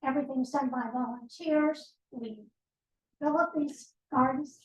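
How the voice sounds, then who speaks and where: A woman with a high voice gives a guest talk at a team meeting. She explains things plainly and adds wry asides. She sounds far from the microphone, in a reverberant office room. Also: a little slow, a little mellow, a little hiss or hum. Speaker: guest speaker, nonprofit board president. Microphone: distant room microphone.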